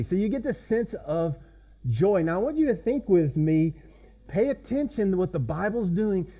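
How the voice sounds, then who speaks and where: Male pastor, conversational sermon delivery, fairly high voice, dull lo-fi sound. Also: sing-song, moderate pace. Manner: conversational, asks the congregation questions.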